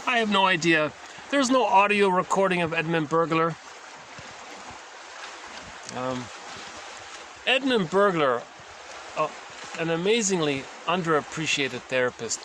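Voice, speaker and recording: A man's voice: a little high, animated, measured pace, long pauses, pushed and bright, a little hiss or hum. A man casually explaining psychoanalytic ideas, conversational and often checking in with his listeners. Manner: conversational, self-correcting, checks in with "right?". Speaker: teacher.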